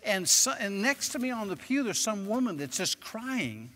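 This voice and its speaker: A man preaching a sermon as a personal story, moving between quiet recollection and loud, emphatic bursts. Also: high-pitched, big pitch swings, normal speed, big-room sound. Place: church sanctuary.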